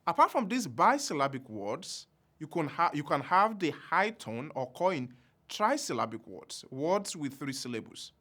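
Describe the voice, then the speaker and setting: A man teaching a language lesson slowly and deliberately, with careful pauses, and chanting drill syllables in a high, drawn-out voice. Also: sing-song, fairly bright tone.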